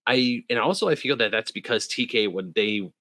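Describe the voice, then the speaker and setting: A man co-hosting a podcast in casual chat, animated, often jumping into high quoted voices. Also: moderate pace, no echo. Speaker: podcast co-host.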